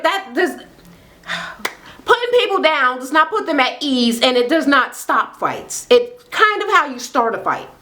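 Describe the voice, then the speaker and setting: A woman recapping a reality show in a casual, animated rant, swearing heavily and acting out what people said. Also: sits high. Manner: animated, heavy swearing, acts out quotes. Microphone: camera mic with ring light setup.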